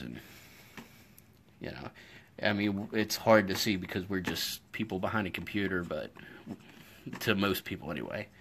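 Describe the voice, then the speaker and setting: Male stream host, lower voice, loose chatty storyteller, talking into a phone in his workshop. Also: pushed and bright, slight background noise. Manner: rambling, chatty storytelling with frequent fillers. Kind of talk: casual live-stream chat. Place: indoor home workshop. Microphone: phone camera.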